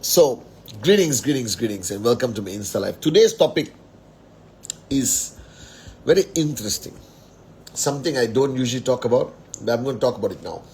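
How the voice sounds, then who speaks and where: A man's voice: medium pitch, animated, a little fast, long pauses, darkish tone. Upbeat man hosting a live stream. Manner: upbeat, rattles off greetings to many viewers. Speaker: host of a network marketing live stream. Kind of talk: casual live-stream greetings and motivational talk. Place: at home, indoors.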